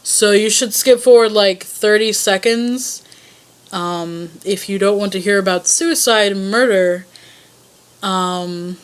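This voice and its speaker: A woman's voice: mid-range voice, takes it slowly, smooth. Rambling young woman vlogger. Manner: rambling, self-conscious storytelling. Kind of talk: casual chat answering a voice tag.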